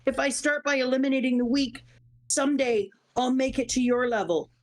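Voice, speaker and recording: A woman's voice: high-pitched, fairly quick, voice pushed up, close to an everyday voice. A woman voicing a desperate young male pirate pleading to his boss.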